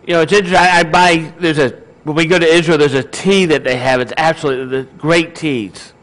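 A man's voice: on the high side, steady tone, fast talker, a bit bright, poor audio. A male pastor giving a casual, conversational sermon and often asking his congregation questions.

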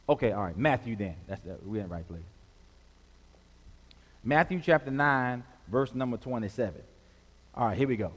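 A man's voice: mid-range voice, expressive, moderate pace, long pauses, slightly rough. A man preaching a sermon as pastor, working the congregation with call-and-response and stretched-out emphasis. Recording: long hall reverb.

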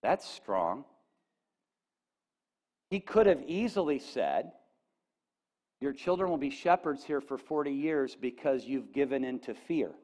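A male pastor preaching a sermon, animated and folksy, with asides to the congregation, and rising to near-shouts on quoted lines. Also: mid-range voice, measured pace, pauses often. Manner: folksy asides, addresses audience with "okay?".

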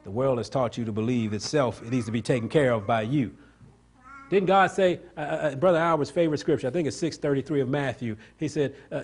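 A man preaching an impassioned sermon, building to loud emphatic points and asking the congregation questions for response. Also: medium pitch, a little fast, slightly rough.

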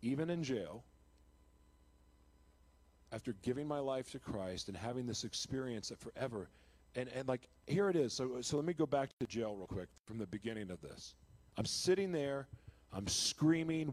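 A man giving an emotional, confessional Christian testimony on live television. He speaks earnestly, with restarts and laughs at himself, and grows loud and impassioned. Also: mid-range voice, lively intonation, normal speed. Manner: grows loud and impassioned when retelling his conversion. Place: television studio.

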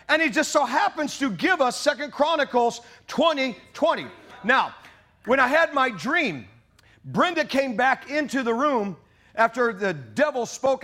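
A man preaching a fiery sermon, shouting and rising to outrage. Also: extremely high pitch. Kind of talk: charismatic sermon.

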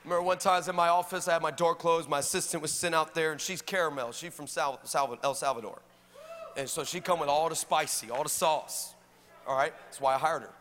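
High, bright-voiced preaching man. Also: quick pace. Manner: energetic, humorous, builds to shouting. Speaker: pastor. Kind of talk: sermon. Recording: echoey hall, faint background noise.

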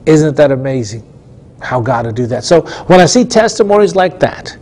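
A man's voice: on the high side, very animated, normal speed, darkish tone. Earnest male preacher telling a testimony. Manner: earnest, emphatic repetition. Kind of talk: storytelling sermon testimony. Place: studio.

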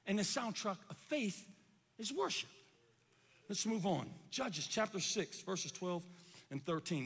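A man preaching a sermon in a church, acting out voices and dropping to a hush for effect. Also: high voice, breathy edge, long reverb tail. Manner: animated preaching, acts out voices, rises and drops to a hush. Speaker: pastor. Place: church sanctuary.

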